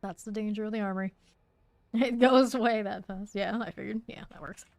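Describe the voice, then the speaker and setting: A woman's voice: medium pitch, fairly even intonation, fairly quick, vocal fry, darkish tone, no echo, poor audio. A woman game streamer chatting casually and playfully while she plays, laughing often and exclaiming. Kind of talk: casual chat while live gaming.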